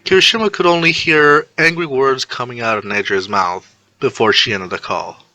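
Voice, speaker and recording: A man narrating a fan story aloud in a plain, steady way. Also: medium pitch, moderate pace, no room sound, faint music behind.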